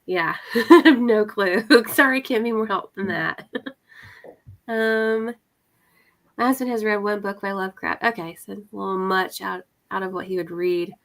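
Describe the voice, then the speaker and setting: A woman's voice: mid-range voice, steady tone, moderate pace, fairly bright tone. A young adult woman chatting casually with friends on a call, full of fillers and laughter. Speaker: readathon participant. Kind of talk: casual video-call chat.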